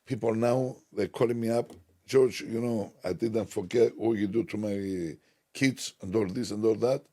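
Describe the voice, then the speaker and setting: An older man, a DJ guest telling stories in broken English with animated, emphatic repetition. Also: fairly low pitch, moderate pace. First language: Greek. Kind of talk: storytelling interview chat.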